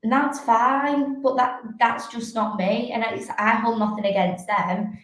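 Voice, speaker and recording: A woman's voice: a little high, fairly even intonation, unhurried, fairly bright tone. A young woman, a fitness coach, talking candidly in a casual chat and filling her speech with "like". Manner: chatty, fills speech with "like". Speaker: podcast guest, fitness coach and athlete. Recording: very echoey room.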